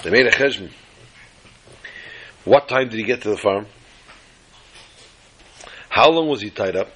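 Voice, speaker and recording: Husky man telling a dramatic tale. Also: on the low side, a little slow, low-quality recording. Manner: animated, dramatic retelling. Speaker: religious storyteller. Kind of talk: storytelling sermon.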